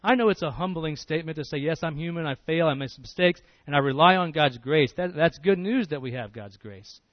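A man's voice: on the high side, fairly quick, no echo, dull audio. A man preaching a sermon in an earnest, emphatic way, often repeating words as he restarts a phrase.

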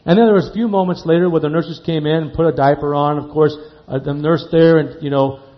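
A man preaching a sermon, slowing down and dropping to a quiet hush on key words, then lifting his voice again. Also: on the high side, steady tone. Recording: dull lo-fi sound.

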